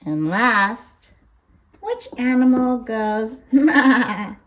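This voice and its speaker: A woman leads a toddler lesson in a fairly high, bouncing sing-song voice. She speaks very slowly and imitates farm animal noises along the way. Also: animated, lo-fi sound. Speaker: children's teacher.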